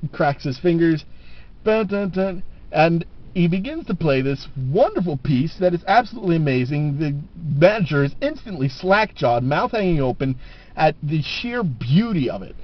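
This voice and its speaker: A man's voice: fairly high pitch, sing-song, normal speed. A man telling jokes casually to the camera, laughing at his own punchlines, on a dull lo-fi camera recording.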